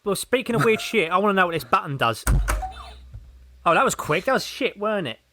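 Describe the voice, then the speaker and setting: A man's voice: high-pitched, animated, a little fast, noisy background. A man co-hosting a podcast, chatting casually and making sweary jokes. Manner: jokey, sweary, laughs often. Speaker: podcast co-host. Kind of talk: casual chat.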